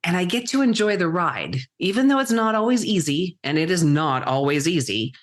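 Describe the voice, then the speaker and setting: A middle-aged woman, a guest entrepreneur, telling her story in vivid present tense with dramatic pauses. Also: on the low side, lively intonation. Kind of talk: storytelling interview answer.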